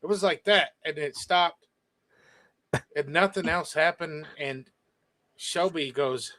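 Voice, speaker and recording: A man's voice: fairly high pitch, slow, long pauses, poor audio. A man telling a story in a casual chat, animatedly acting out what others said. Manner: animated, quoting others in lively bursts. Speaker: guest.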